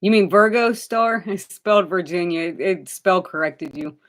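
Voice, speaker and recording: A woman's voice: lowish voice, steady tone, normal speed. A woman giving live tarot readings to viewers, chatty and direct, addressing them by name and calling them honey. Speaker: tarot reader.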